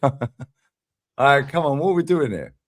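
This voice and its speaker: A man hosts a heated live fan stream, bantering, swearing and laughing often through a fan debate. His medium-pitched voice is expressive and moves at a moderate pace.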